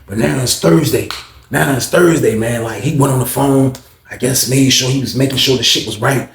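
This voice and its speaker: A man telling stories from prison life in a casual, animated way, jumping up in pitch to act out other people's lines. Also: brisk, reverberant, a little hiss or hum. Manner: animated, acts out others' lines in a higher, louder voice. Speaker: storyteller recounting prison life. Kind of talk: casual storytelling to camera.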